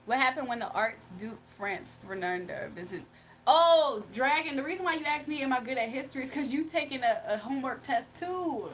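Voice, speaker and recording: A high-voiced woman from Virginia chats casually on her live stream. She reads out viewer comments and teases them playfully, laughing often. A faint hum sits behind her voice. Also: lively intonation, a little fast. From Virginia, USA. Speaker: livestream host.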